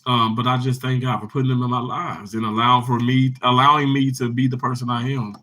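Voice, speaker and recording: Man, livestream host, casual chat, rambling storyteller, bright tone, webcam mic. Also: medium pitch, fairly quick, low-quality recording. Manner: rambling, heartfelt storytelling with many restarts; lively and upbeat greeting viewers. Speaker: livestream host reading viewer comments.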